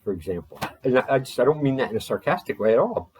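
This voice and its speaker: A man talking in a rambling video journal, holding back a restless energy and slowing himself down on purpose. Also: mid-range voice, expressive, darkish tone, recorded from a distance, a little hiss or hum, low-quality recording. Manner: restless, deliberately slowed and restrained delivery; frequent fillers and restarts. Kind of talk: rambling personal journal talk. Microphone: laptop.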